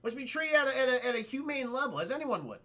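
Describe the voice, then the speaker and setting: A man's voice: extremely high pitch, big pitch swings, very fast, bright, forceful tone. A man casually recapping a film for his chat in a loose, profane, rambling way. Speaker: streamer and film reviewer.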